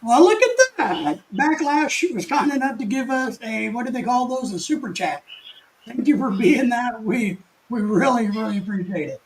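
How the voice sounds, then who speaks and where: Chatty older man with a high voice. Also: moderate pace, poor audio. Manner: folksy, chatty, frequent restarts and chuckles. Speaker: live stream host. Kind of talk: casual live stream chat reading comments.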